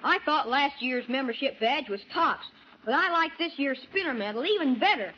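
A woman's voice: high voice, expressive, moderate pace. An actress playing an eager young boy who reads out his fan letter in a radio program. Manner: eager, enthusiastic. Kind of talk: 1940s radio acting. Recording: dull old radio broadcast, faint hiss.

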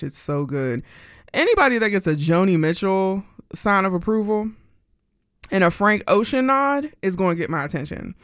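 A woman from Pennsylvania hosting a radio music show, chatty and bubbly, her pitch and pace jumping around as she talks. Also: smooth, dry recording. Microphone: studio mic. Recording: dry studio sound.

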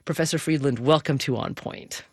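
A woman hosting a radio talk show, speaking in an articulate, expressive way from a studio. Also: sits low, moderate pace, breathy edge, dry recording. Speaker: radio host.

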